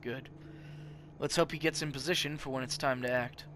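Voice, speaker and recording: A man hosting a game let's play, reading its narration aloud with lively swings between loud and quiet. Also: medium pitch, normal speed, noisy background. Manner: animated reading with big swings in loudness.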